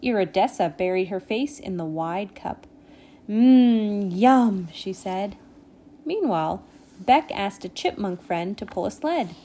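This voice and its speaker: A woman reading a children's storybook aloud in a gentle, expressive way. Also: medium pitch, a little slow. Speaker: storybook reader.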